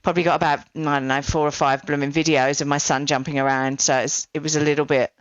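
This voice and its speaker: A woman hosting a podcast chats casually about her son, with quick asides and reactions. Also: sits low, flat delivery, no room sound. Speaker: podcast host and parent. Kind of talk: casual chat. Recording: slightly dull, muffled audio.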